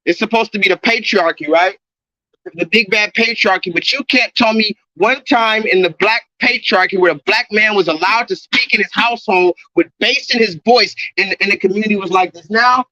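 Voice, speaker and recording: A man's voice: high voice, normal speed, sharp tone, no room sound, dull audio. Agitated man ranting into his phone. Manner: agitated, repetitive ranting, swears often. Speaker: livestreamer. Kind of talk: ranting live stream monologue. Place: outdoors near a coffee shop. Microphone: phone held at arm's length.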